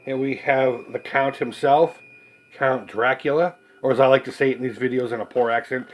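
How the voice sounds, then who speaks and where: A man's voice: mid-range voice, fairly even intonation, moderate pace, poor audio. A man in his forties hosting a casual unboxing video, rambling and swearing freely with a joking, laughing manner. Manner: rambling, profane and jokey, with laughs. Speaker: collectibles video host.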